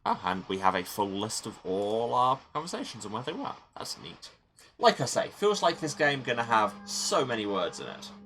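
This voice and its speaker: A man's voice: mid-range voice, big pitch swings, normal speed, a bit bright, soft background music. A man hosting a game playthrough, reading the story text aloud and adding wry asides. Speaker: let's play host.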